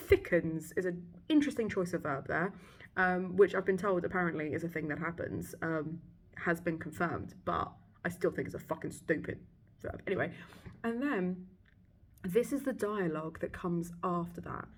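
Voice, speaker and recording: A woman's voice: on the low side, normal speed. A young British woman in casual vlog chat, ranting and swearing sarcastically about a book. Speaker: book vlogger. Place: hotel abroad.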